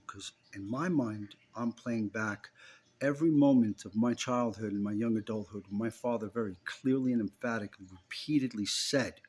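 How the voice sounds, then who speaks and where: A man recounts a personal story in a husky, slightly breathy voice that sits at an ordinary pitch. He talks intensely and emphatically, circling back and repeating himself as he presses his point. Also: a little fast, a little mellow.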